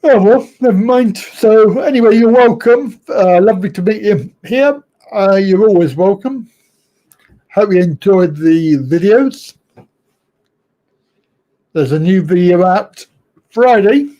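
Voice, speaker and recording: Slow, mellow-voiced man chatting. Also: high-pitched, lively intonation, highs cut off. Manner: rambling, chuckling, self-correcting, teasing viewers. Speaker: host of a live chat show. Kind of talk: casual live-stream chat reading viewer comments.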